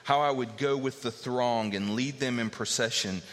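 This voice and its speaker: A man's voice: mid-range voice, normal speed, fairly bright tone. A man preaching a sermon earnestly, teaching verse by verse and acting out the voices he quotes. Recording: long hall reverb.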